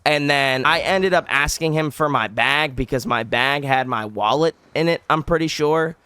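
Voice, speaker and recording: Young man with a bright, crisp voice. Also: on the high side, moderate pace, dry recording, studio quality. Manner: animated, rambling with many likes and restarts. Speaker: vlogger. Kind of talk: casual storytelling.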